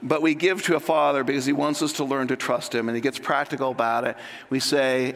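A middle-aged male pastor preaching a sermon in an energetic, joking, conversational way. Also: medium pitch, fairly quick, vocal fry, in a large hall.

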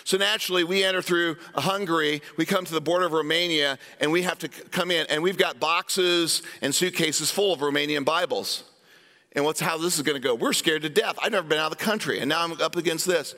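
Brief: male pastor, fifties or older, storytelling sermon in a reverberant sanctuary, high voice. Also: a little fast. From Iowa, US. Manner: storytelling preacher, animated asides to the congregation. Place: church sanctuary. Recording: long hall reverb from a church sanctuary.

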